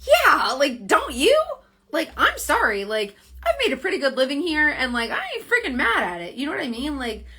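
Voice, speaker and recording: A direct sales team leader rambles through a casual motivational livestream on her phone, packing in "like" and correcting herself. Her high-pitched voice swoops wildly in pitch at a normal speed, with a bright, forceful tone.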